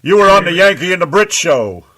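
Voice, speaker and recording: Male host, fairly high voice, teasing questions, casual banter. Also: big pitch swings, brisk, pushed and bright. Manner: teasing, reads numbered questions. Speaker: radio show host. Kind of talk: casual radio interview.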